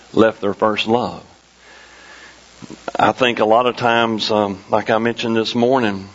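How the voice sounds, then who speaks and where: A man's voice: medium pitch, fairly bright tone. A man preaching a sermon as pastor, repeating phrases with rising emphasis. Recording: dull lo-fi sermon recording.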